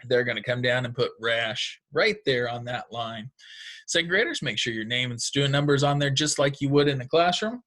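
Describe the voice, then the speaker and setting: A man's voice: mid-range voice, expressive, a little fast, fairly bright tone. A man teaching second graders a recorded phonics lesson, patient and encouraging, explaining step by step.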